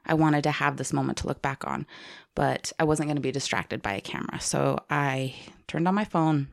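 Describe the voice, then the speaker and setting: A woman's voice: deep voice, fairly quick, creaky. A woman co-hosting a podcast, telling a story casually and with feeling, teary at times. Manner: animated storytelling, tearful and laughing. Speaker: podcast co-host. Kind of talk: casual chat.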